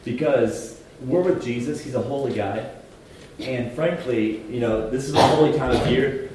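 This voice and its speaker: A man preaching a lively sermon in a casual, slangy way, swinging between loud outbursts and hushed asides. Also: medium pitch, moderate pace, a little hiss or hum. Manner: casual, slangy delivery with frequent laughs. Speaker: pastor. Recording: echoey hall from a distance.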